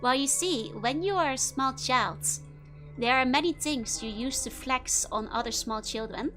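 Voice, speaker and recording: A young woman with a high, light voice, chatting with viewers while she plays a game. She laughs easily and talks loosely, full of "like" and "you know". Faint music plays behind her. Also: a little slow, fairly bright tone. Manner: giggly, answers chat questions, frequent laughter. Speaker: VTuber streamer. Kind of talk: casual gameplay chat with chat.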